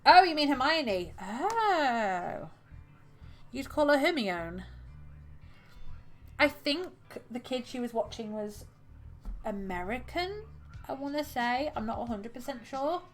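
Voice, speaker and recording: A woman talks through her crochet work on a live stream in a relaxed, chatty way. She laughs easily between remarks. Faint music plays softly behind her. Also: high voice, slow pace, long pauses. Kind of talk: casual live-stream chat while crocheting.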